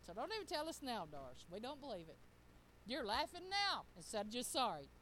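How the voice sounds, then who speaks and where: A middle-aged woman preaches an informal sermon in a church. She talks to the congregation in a folksy, joking way. Her voice sits high and swings widely up and down. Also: wildly swooping pitch, brisk, a bit bright, a little hiss or hum, rough recording.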